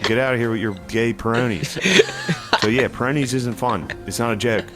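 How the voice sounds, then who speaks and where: A man playing a guy giving a rambling, deadpan testimonial in a comedy ad sketch. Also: mid-range voice, brisk, close to an everyday voice. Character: Philly guy telling a bent-dick ad testimonial. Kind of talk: comedy ad sketch played from a podcast. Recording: played back with music behind.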